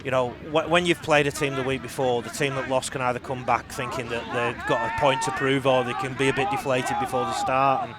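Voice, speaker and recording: Man, colour commentator, mid-pitched voice, chatty, relaxed rugby analysis, side notes. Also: brisk, few pauses, over a noisy crowd. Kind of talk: live rugby league commentary.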